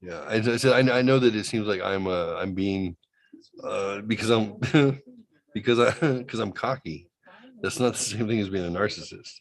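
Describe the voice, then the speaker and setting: A man with a slightly low voice tells a long, rambling story in a casual comedy chat. He keeps breaking into laughter and acts out what other people said. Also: moderate pace, vocal fry, dry recording. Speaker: co-host.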